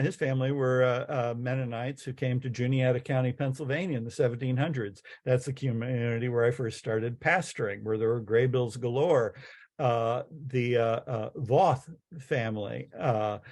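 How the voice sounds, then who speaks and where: A middle-aged man lecturing as a chaplain, earnest and passionate. He stumbles and restarts often, filling pauses with "uh". His voice sits at an ordinary middle pitch. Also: darkish tone. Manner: halting, many fillers and restarts. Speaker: chaplain and teacher.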